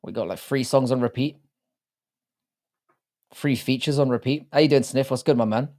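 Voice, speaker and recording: A man's voice: medium pitch, steady tone, moderate pace, mellow. A British man hosting a live stream, chatting casually and swearing often while greeting viewers by name.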